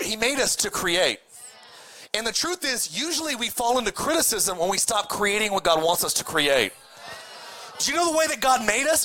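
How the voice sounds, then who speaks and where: High, bright-voiced preaching man. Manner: animated, preachy, bursts into shouting. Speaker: pastor. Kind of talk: sermon.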